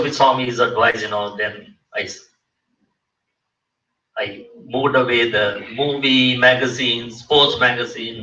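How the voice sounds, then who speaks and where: A man's voice: medium pitch, pushed and bright. A man in his sixties from Sri Lanka, giving an earnest guest talk and acting out the dialogue of his story. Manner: earnest, acts out quoted dialogue. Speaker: guest speaker. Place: community center hall. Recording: roomy, distant, dull-toned hall recording.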